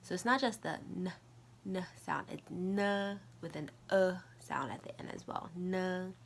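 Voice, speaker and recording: A woman teaching a recorded language lesson, running slow repeat-after-me drills and dropping to soft, whispery asides between them. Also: lowish voice, expressive, gravelly, slight background noise. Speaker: Mandarin teacher.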